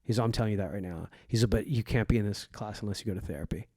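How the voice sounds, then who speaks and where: A comedian in his forties who grew up in Egypt tells stories as a guest in a casual podcast conversation, acting out quoted voices and swearing freely. His voice is fairly low and warm, and he talks at a racing pace; the recording is dry with clean studio sound.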